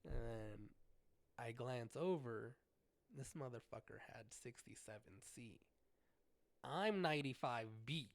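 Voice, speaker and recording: A man hosting a podcast, telling an animated story with heavy cursing and frequent restarts. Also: medium pitch, takes it slowly, vocal fry, dry recording. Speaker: podcast host. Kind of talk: casual solo storytelling.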